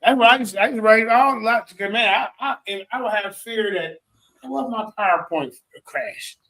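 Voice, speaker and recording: A high-pitched man calls a debate for his viewers, boastful and full of slang. His voice is bright and forceful, and he talks in quick bursts. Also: poor audio. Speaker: debate commentator. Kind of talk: casual stream commentary.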